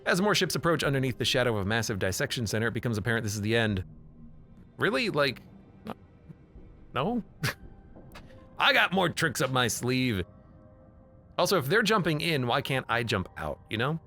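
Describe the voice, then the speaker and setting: A man streams a video game and reads its text aloud, cracking jokes as he goes. His pitch swings a lot as he talks. Faint music plays underneath. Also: big pitch swings, moderate pace, pauses often, bright, forceful tone. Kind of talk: casual gameplay commentary.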